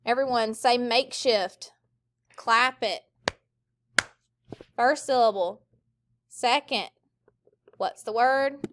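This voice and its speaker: A woman teacher giving a recorded phonics lesson, sounding out words clearly in call-and-response drills for the class. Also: a little high, slow, long pauses, fairly bright tone, a little hiss or hum.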